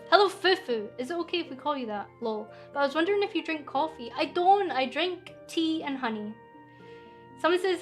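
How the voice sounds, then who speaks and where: A Scottish woman with a high-pitched voice chats loosely on a live stream. She reads out viewer questions and answers them in a cheeky, excitable ramble full of fillers. Soft music plays faintly behind her.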